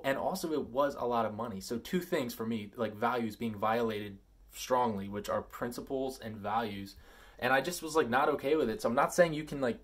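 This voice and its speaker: A man with an ordinary mid-range voice talks straight to the camera in a casual vlog. He reads out an email and comments on it. He pushes key words hard, then drops into quieter asides. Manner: animated and emphatic, swinging between loud stresses and low asides. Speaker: vlogger.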